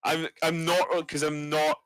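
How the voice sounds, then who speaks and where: A man's voice: on the high side, level tone, unhurried, fairly bright tone, a little hiss or hum. A man playing a tabletop game, thinking aloud with hesitations and dry jokes. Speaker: player.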